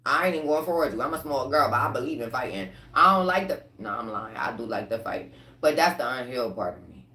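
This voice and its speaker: A woman tarot reader talking to her viewers in a casual livestream reading, blunt and profane, with lively rants. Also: very deep voice, quick pace, reverberant.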